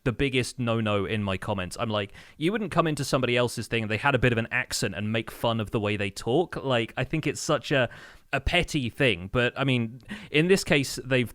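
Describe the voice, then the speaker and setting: A man co-hosting a casual podcast, opinionated and animated, laughing often as he talks. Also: mid-range voice, dry recording, studio quality. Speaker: podcast co-host.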